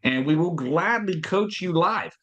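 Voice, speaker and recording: A man's voice: on the high side, expressive, measured pace, a bit bright, lo-fi sound. A man hosting a podcast, giving an emphatic motivational talk on sales, repeating key points and acting out past conversations. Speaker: podcast host and business coach.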